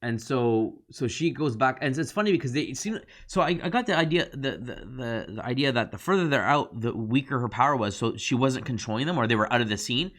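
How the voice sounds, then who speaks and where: A man's voice: medium pitch, animated, fairly quick, hardly any pauses, a bit bright. A man co-hosting a casual review podcast, retelling scenes at length and acting out lines of dialogue. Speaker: podcast co-host.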